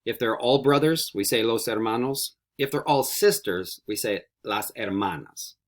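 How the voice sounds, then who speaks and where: A man teaching a Spanish vocabulary lesson, repeating each word slowly and coaxing students with friendly questions. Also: medium pitch. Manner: slow, carefully repeated word drills. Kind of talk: recorded classroom vocabulary lesson.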